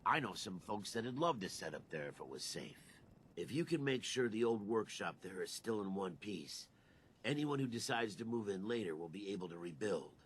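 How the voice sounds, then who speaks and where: An earnest male settler from a video game, as a man acts him out, asking for help in a plain, low voice. Faint noise sits under the dialogue. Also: animated, moderate pace, lightly acted. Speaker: quest giver.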